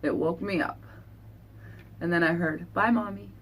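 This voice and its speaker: A woman vlogger telling a painful personal story in an earnest, halting, confessional way. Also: fairly low pitch, fairly even intonation, slight background noise. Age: adult. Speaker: beauty vlogger.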